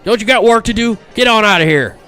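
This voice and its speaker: A man's voice: high voice, fast, pushed and bright, faint music behind, voice pushed up. A man voicing a stern, commanding frontier sheriff who talks down to strangers in a folksy way.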